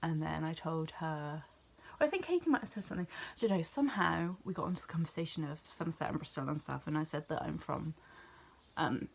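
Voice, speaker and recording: A young woman from near Bristol with a West Country English accent, chatting excitedly and rambling as she recaps an event in a vlog. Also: sits low, brisk, vocal fry, breathy edge. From England. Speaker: vlogger. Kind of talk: casual chat.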